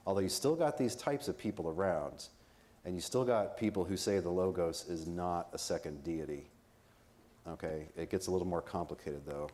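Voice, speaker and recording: A man's voice: deep voice, darkish tone. A man giving an informal academic talk at a conference, explaining ideas in plain, conversational terms with asides and jokes. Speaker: conference speaker. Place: conference venue.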